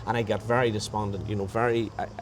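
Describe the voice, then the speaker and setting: Lowish-voiced man telling a story. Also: little pitch movement, rapid-fire, a little hiss or hum. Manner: rambling, with frequent restarts and reported dialogue. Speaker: guest sharing a faith testimony. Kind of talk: conversational storytelling.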